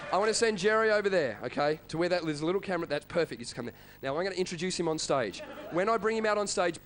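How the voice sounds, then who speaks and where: A man with an Australian accent doing an energetic stand-up routine, working the crowd and shouting impressions. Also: sits high. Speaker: stand-up comedian. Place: comedy club stage. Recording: live comedy club with crowd and noise.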